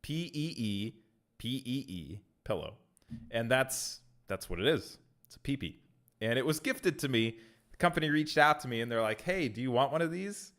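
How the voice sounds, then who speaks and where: A man's voice: mid-range voice, expressive, normal speed, fairly bright tone. Chatty male streamer answering his viewers. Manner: chatty, reads chat aloud and answers viewers; laughs easily between phrases. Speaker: streamer and content creator. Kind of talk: casual livestream chat.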